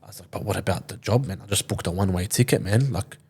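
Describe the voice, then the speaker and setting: This Sydney man in his twenties talks fast in a low voice that's a little mellow with a breathy edge. As a podcast guest, he tells a story loosely, swearing frequently and performing others' dialogue.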